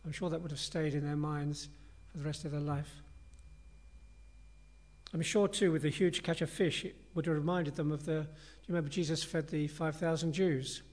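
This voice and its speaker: Earnest, slightly higher-voiced male preacher. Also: steady tone, normal speed, darkish tone. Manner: conversational, earnest and reflective. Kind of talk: sermon.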